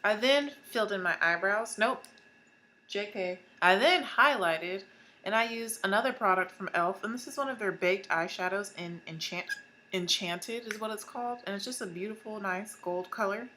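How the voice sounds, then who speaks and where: A young woman in her twenties walks viewers through a makeup tutorial in a bright, chatty way. She talks casually and happily, as a beauty vlogger talks to her followers. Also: medium pitch, normal speed, slight background noise. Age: 20s. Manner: chatty, upbeat and talkative. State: suffering hiccups.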